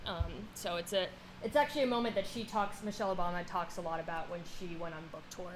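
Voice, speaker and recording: Lower-voiced actress chatting on stage. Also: female voice, fast talker, a little hiss or hum, low-quality recording. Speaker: guest actress. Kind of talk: casual on-stage interview. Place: live screening venue.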